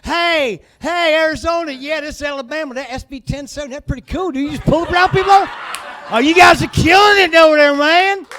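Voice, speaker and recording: A man putting on a loud brash Southern booster. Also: brisk. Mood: brash swagger. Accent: Southern US put-on. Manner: loud, swaggering, shouted sales pitch. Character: brash bigoted Southern male state booster.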